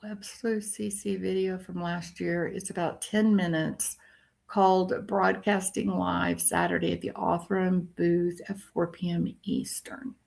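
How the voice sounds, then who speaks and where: A woman's voice: fairly low pitch, expressive, unhurried, creaky, darkish tone. An older woman hosting a casual true crime commentary livestream, ranting and reacting to viewer comments as they come in.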